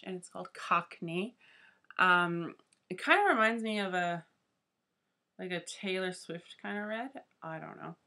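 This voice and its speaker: A woman's voice: fairly low pitch, bright, forceful tone. A young woman from Canada chatting casually as a beauty vlogger, gushing and chatty, often saying "like" and "fabulous". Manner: chatty and gushing, says 'like' and 'fabulous' often. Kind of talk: casual chat.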